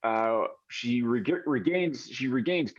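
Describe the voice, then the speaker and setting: A man narrating as game master, halting, with many fillers. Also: medium pitch, animated, breathy edge. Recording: dull lo-fi audio.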